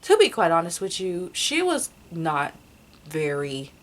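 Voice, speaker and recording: A woman's voice: fairly low pitch, huge pitch swings, measured pace. A young woman telling a personal story in a casual vlog, rambling with many fillers and restarts. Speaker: vlogger.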